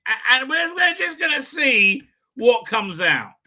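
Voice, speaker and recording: Brash, bright-voiced man ranting profanely. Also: very high-pitched, big pitch swings, unhurried. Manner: profane, digressive, exasperated rants with sudden shouts. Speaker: TV episode reviewer. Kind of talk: rambling off-the-cuff review monologue.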